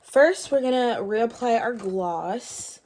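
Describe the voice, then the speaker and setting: A woman's voice: on the high side, lively intonation, slow pace, a little mellow, slight background noise. A young woman vlogger chatting casually to her viewers, slightly out of breath, rambling with fillers and restarts. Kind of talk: casual chat.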